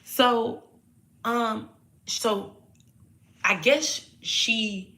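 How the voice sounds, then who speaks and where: A woman's voice: on the high side, extremely slow, pushed and bright. A woman talking straight to her viewers in a candid monologue, blunt and profane, hammering her points home by repeating them in slangy talk. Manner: addresses viewers directly, slangy. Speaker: vlogger.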